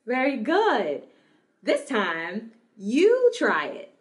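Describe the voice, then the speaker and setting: A young woman teaching small children about singing, talking slowly and brightly, with lots of praise and sung examples. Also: wildly swooping pitch. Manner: warm praising, sings examples, owl hoots and drum booms. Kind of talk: slow, sing-song lesson for small children.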